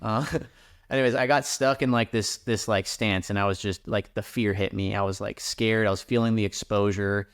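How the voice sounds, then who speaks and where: A man's voice: on the low side, steady tone, moderate pace, smooth. A man guesting on a podcast, telling a climbing story in a rambling, casual way with lots of fillers and restarts.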